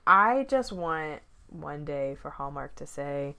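Lower-voiced playful woman storyteller. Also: lively intonation, slow pace, crowd noise. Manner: playful storyteller, laughs often. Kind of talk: casual chat.

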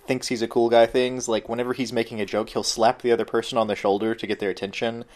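A man's voice: medium pitch, flat delivery, quick pace, darkish tone. A man co-hosting a podcast, recapping an episode in casual chat with dry, detailed asides. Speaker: podcast co-host.

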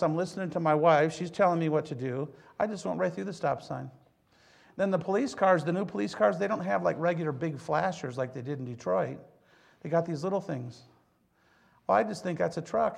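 A man's voice: high-pitched, vocal fry. A middle-aged man preaching a sermon, a joking, folksy storyteller who talks straight to his congregation. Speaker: pastor.

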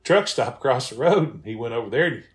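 A man's voice: medium pitch, animated, fast. Easygoing man chatting. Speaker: comedian. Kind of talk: casual chat.

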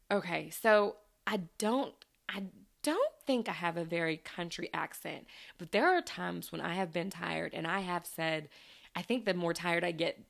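A woman's voice: on the low side, vocal fry, fairly bright tone. A young woman chats casually on her podcast. She wanders through her thoughts with frequent restarts, and laughter bubbles up often as she talks. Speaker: podcast host and former teacher. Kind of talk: casual chat.

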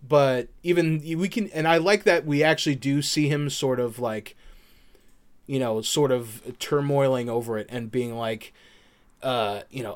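A man's voice: mid-range voice, fairly even intonation. Rambling man recapping a game. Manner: rambling, many fillers, quotes characters in quick voices. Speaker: podcast co-host. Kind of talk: casual chat recapping a game.

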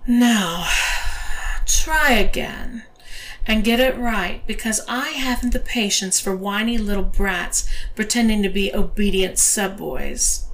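A woman voicing a calm, commanding, teasing dominatrix in an erotic audio story, her voice often lifted higher. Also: unhurried, natural voice, low-quality recording.

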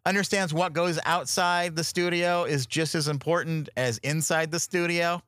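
A man co-hosting a radio show, joking sarcastically and laughing through quick rants. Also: on the high side, fairly even intonation, fairly bright tone, dry recording, studio quality. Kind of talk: casual radio banter.

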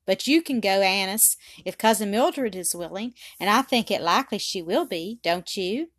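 A woman's voice: mid-range voice, lively intonation, moderate pace, fairly bright tone, no room sound, studio quality. A woman reading aloud voices a dutiful little girl who speaks earnestly and politely.

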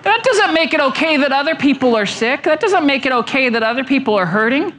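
Male pastor, lively sermon delivery, big pitch swings, emphatic rhetorical questions. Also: fairly quick, slight background noise.

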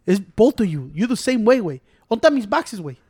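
High-pitched guy, rapid profane chat, english and mixed, dry close sound. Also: big pitch swings, darkish tone, husky, dry recording. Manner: rapid, profane, switches between English and Spanish. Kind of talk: casual chat. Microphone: studio mic.

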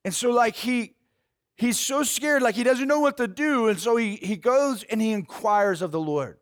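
A male preacher giving a sermon, retelling a story in an animated way with casual fillers. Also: extremely high pitch, normal speed, clear, resonant tone.

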